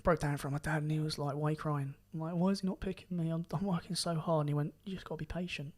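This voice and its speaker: A young man telling his story in a casual podcast chat, animated and swearing now and then. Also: fairly high pitch, racing. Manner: animated, rising loud when excited, swears casually. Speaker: podcast guest karate champion.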